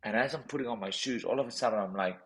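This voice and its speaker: A man's voice: mid-range voice, quick pace, low-quality recording. A man with a South African accent, a podcast guest telling a personal story with intensity, often repeating phrases. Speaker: podcast guest, professional boxer.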